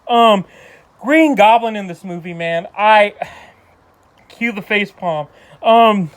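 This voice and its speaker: A movie reviewer rants casually in a mid-range voice at a slow pace. The spoken film review is exasperated and rambling, with lots of restarts.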